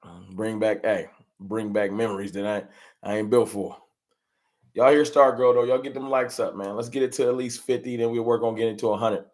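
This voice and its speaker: A man's voice: on the low side, fairly even intonation, brisk, darkish tone. A man hosting a casual livestream, greeting chat members by name and chatting in a laid-back way. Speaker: livestream host.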